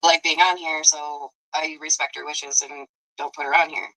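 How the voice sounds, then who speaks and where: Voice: medium pitch, little pitch movement, normal speed, pushed and bright, no room sound, low-quality recording. A speaker on a played live stream, chatting and criticising other streamers. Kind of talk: gossipy livestream commentary.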